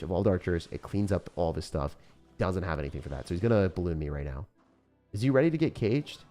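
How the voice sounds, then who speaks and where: A man's voice: low-pitched, darkish tone. A young man giving live play-by-play commentary on his own game, explaining each move to his viewers. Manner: fast strategic play-by-play, addressing viewers as guys. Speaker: gaming YouTuber.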